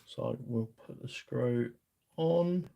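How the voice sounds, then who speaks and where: A middle-aged man with a London accent talks slowly to his stream viewers while working at a bench. His voice has a gravelly, creaky texture, and he rambles in a chatty, self-deprecating way. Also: medium pitch, warm tone, a little hiss or hum. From England. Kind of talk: casual live-stream chat while working on a workbench.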